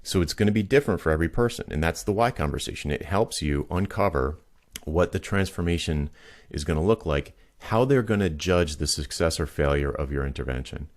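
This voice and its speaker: A man's voice: very deep voice, a little fast. A man hosting a coaching call, explaining confidently and using anecdotes to make his points. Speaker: podcast host and business coach. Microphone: video call.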